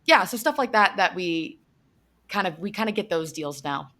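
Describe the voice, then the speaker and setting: A woman's voice: fairly low pitch, big pitch swings, moderate pace, pushed and bright. A woman chatting casually as a podcast guest, upbeat and full of fillers. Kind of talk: casual chat.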